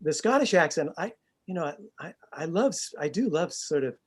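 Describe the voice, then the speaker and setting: A man's voice: a little high, animated, brisk, breathy edge. A man, a stage actor, chatting in an interview over a video call, self-deprecating and full of restarts. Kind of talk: casual interview chat.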